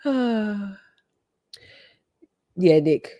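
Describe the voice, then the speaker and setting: Woman, 40s, livestream host, lively pitch, slightly low voice, dry close mic, teasing, swearing. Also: moderate pace, dry recording. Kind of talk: casual livestream chat.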